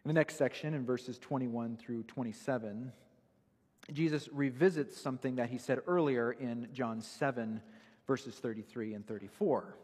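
A man's voice: medium pitch, normal speed, a little mellow, slightly rough, long reverb tail. A man preaching a sermon, earnest and emphatic, citing Bible verses as he explains them. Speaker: pastor.

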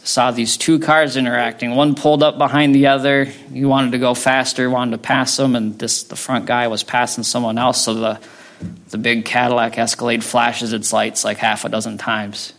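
Gravelly-voiced man preaching casually. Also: mid-range voice, a bit bright. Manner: conversational, tags lines with "right?". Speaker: pastor. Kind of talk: sermon.

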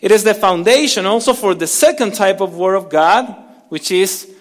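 This pastor's sermon comes in a high-pitched, animated voice at a moderate pace inside a large hall. He moves from forceful stresses to near-whispers and has the congregation echo his words.

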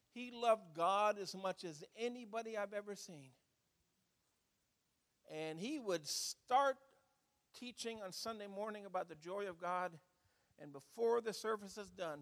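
High-voiced preacher in a reverberant hall. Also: male voice. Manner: storytelling preacher, asks the congregation questions. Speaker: pastor. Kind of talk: sermon.

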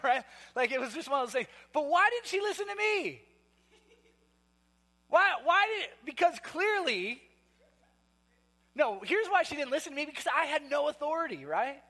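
A man's voice: extremely high pitch, big pitch swings, brisk, bright, forceful tone, in a large hall. A man preaching a sermon, telling a story in a loose, conversational way with restarts and fillers. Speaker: pastor.

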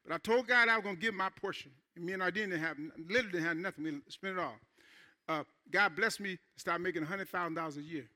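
A man preaches a sermon from the pulpit, his high voice cutting through with a very bright, forceful edge. He speaks in an animated, conversational way, checking in with the congregation and sinking to a hush for asides. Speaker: pastor. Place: church.

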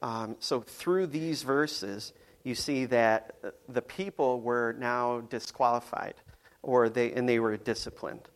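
A man's voice: mid-range voice, takes it slowly. A man preaching a casual, conversational sermon, playful and full of ums and restarts. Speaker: pastor.

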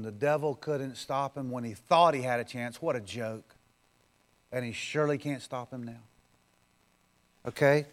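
A man pastor preaching a sermon, swinging from loud, forceful declarations down to a soft, intimate appeal. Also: medium pitch. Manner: preaches with loud swells, then drops to soft, close talk.

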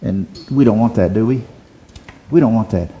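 A man's voice: lowish voice, normal speed, dark tone. A man preaching a sermon, asking the congregation rhetorical questions and repeating phrases for emphasis.

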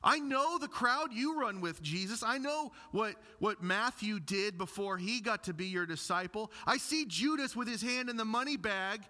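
A man's voice: high-pitched, normal speed, hardly any pauses, pushed and bright, pitched above the performer's own voice. A man doing a smug, boastful rich young man. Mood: bragging. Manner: bragging, smug.

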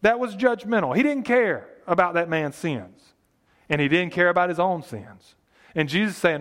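A man's voice: high-pitched, animated, moderate pace, a bit bright. A man preaching a sermon, earnest and emphatic, reading scripture aloud and explaining it plainly.

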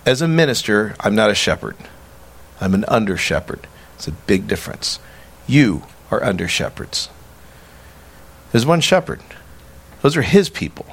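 A man preaching a sermon as a pastor, animated and emphatic, acting out quoted dialogue. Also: on the low side, normal speed, pauses often, husky.

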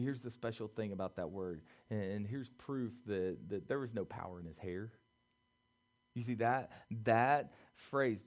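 A young man preaching a youth sermon, swinging between loud pleading and quiet, low talk. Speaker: youth pastor.

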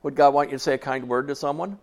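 A man's voice: medium pitch, steady tone, fast talker. A man in his sixties preaching a sermon to a church congregation in a folksy, conversational way, often asking them questions. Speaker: pastor.

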